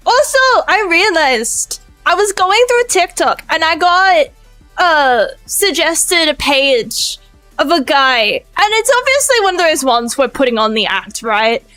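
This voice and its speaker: High-voiced energetic Australian woman streamer. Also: no echo, poor audio. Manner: energetic, loud, rambling. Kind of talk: casual live-stream chat.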